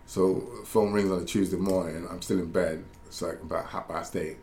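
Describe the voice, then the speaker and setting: Male ex-player pundit, low voice, animated anecdotes, slight hiss. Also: normal speed, roomy sound. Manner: animated storyteller, many restarts. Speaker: pundit, former footballer. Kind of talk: casual chat, storytelling.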